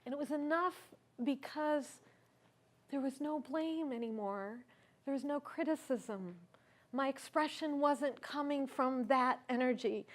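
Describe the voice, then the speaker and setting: At a measured pace, a high-voiced woman on a conference stage recounts a personal story. Her tone is earnest and reflective, and she asks the audience questions along the way.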